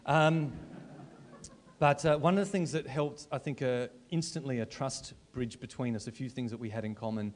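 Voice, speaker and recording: A man who pastors a church hosts the service from the church auditorium, bringing on a guest and interviewing him on stage. He speaks at normal speed in a mid-range voice, jokey and prone to cutting himself off.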